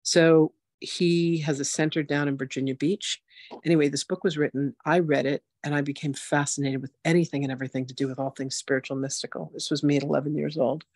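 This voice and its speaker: A woman's voice: deep voice, fairly quick, no room sound, studio quality. Chatty woman in her sixties, storytelling. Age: 60s. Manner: chatty, animated, frequent "like" and "you know". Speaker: spiritual teacher hosting a masterclass. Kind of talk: casual personal storytelling.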